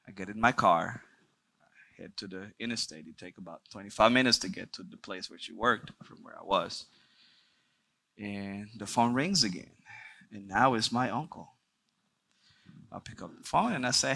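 A man's voice: fairly low pitch, normal speed, gravelly, pauses often, bright, forceful tone. A man giving a church breakout talk. He shares a personal testimony with the group, asks them questions, jokes with them, and talks earnestly. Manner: engages the audience with questions and jokes. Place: church meeting room.

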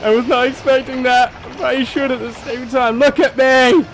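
A man commentating on his own gameplay, excitable, swearing, shouting and laughing at the action. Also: extremely high pitch, moderate pace, a little hiss or hum, low-quality recording. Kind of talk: let's play commentary.

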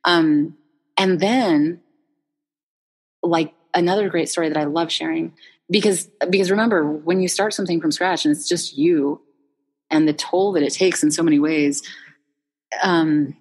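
A woman founder, a guest in a casual interview, telling stories in an animated way with many restarts. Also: low voice, normal speed, long pauses, slightly rough, long reverb tail.

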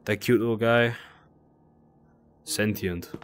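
A young man giving casual commentary while he plays a game, excitable and cooing at a creature in baby talk. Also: on the low side, slow pace, a little hiss or hum. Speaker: gaming video creator.

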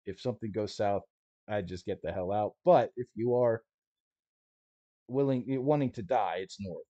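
A man voicing a gruff adult male smuggler guide who gives clipped, businesslike warnings, in a slightly raised version of his own voice. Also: on the low side, moderate pace, mellow, no echo, dull audio, close to an everyday voice. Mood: offhand.

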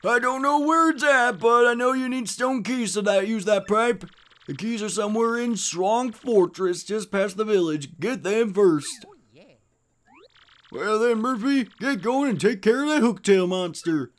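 A man voicing a long-winded, self-satisfied old village mayor in a video game, his voice pushed up high. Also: measured pace, fairly bright tone. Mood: pompous.

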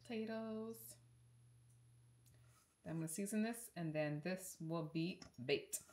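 A woman vlogger chatting to her viewers while cooking, warm and encouraging, recorded without a mic in a home kitchen. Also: on the low side, a little slow, slight background noise. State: sick, under the weather. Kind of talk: casual chat while cooking. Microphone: no mic, camera's built-in mic.

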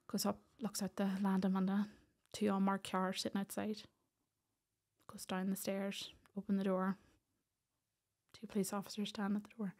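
A woman's voice: medium pitch, monotone, normal speed, darkish tone. Earnest woman telling her story. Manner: earnest, acts out what others said. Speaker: podcast guest. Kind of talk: personal storytelling in conversation.

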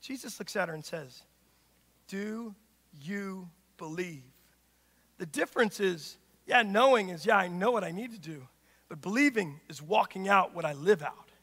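A man, a pastor, preaching an impassioned sermon that swings from quiet to shouted emphasis and calls out to the congregation. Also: sits high, expressive, a little fast, husky. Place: church sanctuary. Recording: long church-hall reverb.

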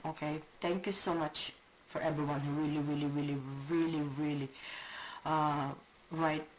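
Brief: Filipino woman, congested, casual vlog delivery, halting, low-pitched. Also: slight background noise, poor audio. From Philippines. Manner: halting, frequent restarts. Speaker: vlogger.

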